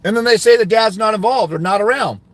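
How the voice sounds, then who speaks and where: A man's voice: sits high, quick pace, no room sound. A man giving fathers' rights custody advice, ranting indignantly during a livestream while answering comments.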